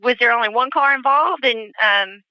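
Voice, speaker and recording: 911 dispatcher lady, calm n reassuring, highish voice, dry muffled line. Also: moderate pace, smooth, no echo. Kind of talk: emergency phone call. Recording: dry muffled phone call recording.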